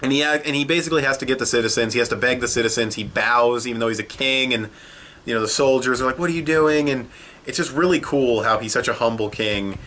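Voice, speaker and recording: A young man reviews an anime episode in a casual, rambling video, peppered with swearing and fillers. His voice is medium in pitch with a sharp tone, and there's a little hiss or hum in the audio.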